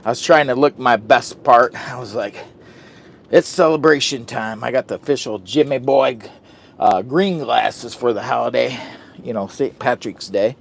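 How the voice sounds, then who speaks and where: A man's voice: mid-range voice, normal speed, vocal fry. A man chatting casually to the camera while camping in a hot tent, goofy and loopy, joking about himself in the third person. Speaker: camping vlogger. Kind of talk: casual vlog chat to camera.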